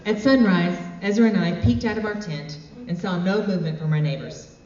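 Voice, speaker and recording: A woman telling a comic personal story on stage with deadpan, wry asides. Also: on the low side, a little fast. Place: stage in a hall. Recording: echoey hall, far from mic, dull.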